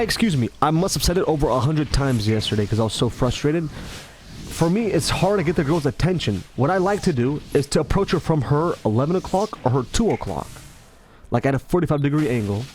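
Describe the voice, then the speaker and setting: Rambling high-voiced man. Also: a little hiss or hum. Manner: restless, self-correcting, stumbling over words; acts out greetings in shifting tones. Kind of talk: rambling casual monologue.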